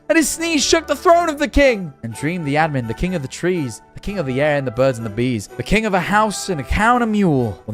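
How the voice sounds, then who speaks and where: A young man who streams, reading a children's story aloud and breaking off into jokey, sweary commentary. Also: a little high. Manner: jokey, lively, swears freely.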